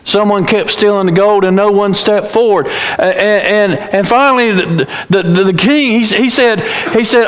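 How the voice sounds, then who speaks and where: A man's voice: sits high, normal speed, hardly any pauses, fairly bright tone. A male pastor preaching a sermon in a church sanctuary, telling a dramatic story, repeating phrases and restarting his words. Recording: reverberant church hall.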